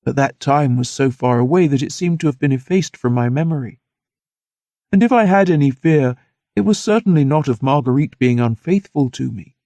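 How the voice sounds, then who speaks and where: A man narrating a classic novel in the first person, in a steady, earnest storytelling manner. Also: medium pitch, normal speed, no room sound. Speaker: audiobook narrator.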